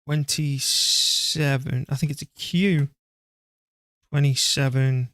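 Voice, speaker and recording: Gravelly and fairly bright, a medium-pitched male voice at normal speed narrates a live strategy game stream with no room sound. He's chatty and self-deprecating, talking to his PC and the game as he plays.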